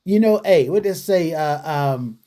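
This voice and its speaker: Animated storytelling male radio host. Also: fairly high pitch, unhurried. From New York City. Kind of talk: casual radio talk.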